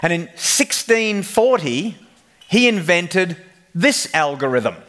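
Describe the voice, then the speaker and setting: A man's voice: high voice, sing-song, slow pace, fairly bright tone. A man giving a humorous technical conference presentation, telling the story like a joking storyteller. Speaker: conference speaker.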